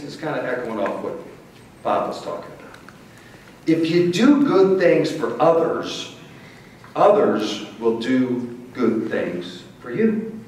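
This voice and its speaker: A middle-aged man from Missouri, giving a folksy acceptance speech as a motivational speaker. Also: medium pitch. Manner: folksy, warm storytelling with playful crowd asides. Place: large banquet hall. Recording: echoey hall, distant mic, faint hiss.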